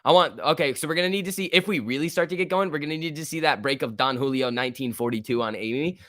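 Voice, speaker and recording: A young man hosting a casual stock-market livestream, talking excitedly, laughing often and reading chat messages aloud. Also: a little high, fast talker, no echo, studio quality. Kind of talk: casual live-stream chat.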